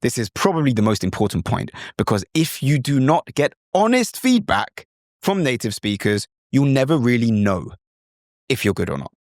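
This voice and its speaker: A British man hosting an instructional podcast, talking in a lively, demonstrative way and sometimes slipping into mimicked accents. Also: mid-range voice, normal speed, no echo, clean studio sound. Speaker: podcast host.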